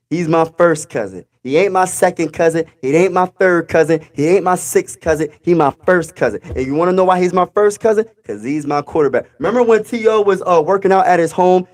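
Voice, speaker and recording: A man's voice: a little high, brisk, hardly any pauses. A man hosting a live sports fan stream, ranting in a casual, emphatic way and repeating his points. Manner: animated, emphatic, repeats phrases. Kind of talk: casual fan livestream rant.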